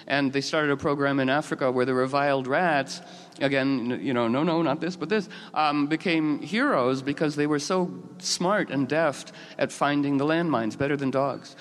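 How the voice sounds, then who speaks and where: A man telling rambling, expressive stories, with many fillers and restarts. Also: on the high side, normal speed. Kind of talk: casual storytelling talk. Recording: long hall reverb.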